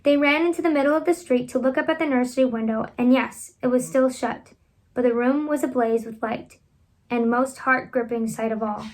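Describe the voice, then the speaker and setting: A woman reading a children's classic aloud at home, expressive and animated, lifting her voice for the children's lines. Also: sits high, moderate pace. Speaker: reader.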